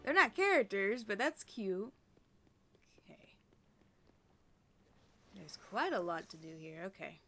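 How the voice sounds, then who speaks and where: A woman chatting her way through a video game, talking casually to her viewers. She often trails off into quiet murmurs and whispered asides to herself. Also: mid-range voice, big pitch swings, takes it slowly, long pauses, faint music behind. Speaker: let's play creator. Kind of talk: casual gameplay commentary.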